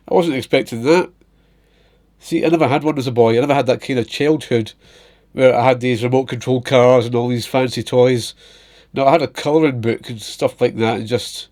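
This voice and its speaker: A young adult man, a vlogger, casually tells funny stories about his pet and his workplace, laughing often and slipping into little voices. His voice is medium-pitched and a little mellow.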